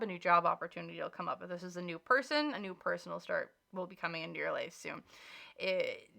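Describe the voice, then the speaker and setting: Woman, tarot reader, casual chatty reading, reassuring, gravelly voice. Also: lowish voice, bright, forceful tone. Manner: chatty, emphatic, reassuring, many filler likes.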